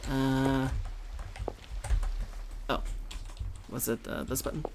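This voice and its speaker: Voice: medium pitch, level tone, slow pace, vocal fry, a little hiss or hum. A let's play gamer playing a mystery visual novel, muttering hesitantly between scenes.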